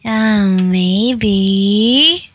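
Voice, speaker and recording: A woman's voice: medium pitch, very slow, no room sound. A woman with a Swedish accent, a voice actress and comedian chatting in an interview, laughing often and restarting sentences. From Sweden. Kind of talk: casual interview chat.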